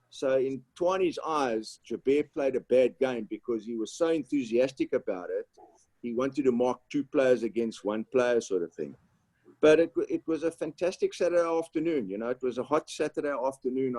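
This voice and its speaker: A man's voice: medium pitch, normal speed, a little mellow, no room sound. Brief: man telling a story on a video call, repeats words, dry close sound. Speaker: panelist, former footballer. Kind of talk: storytelling on an online panel.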